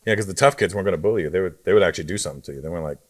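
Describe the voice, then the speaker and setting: A middle-aged man, a comedian guest, telling stories in a relaxed way with dry jokes in a casual interview chat. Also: low-pitched, rapid-fire.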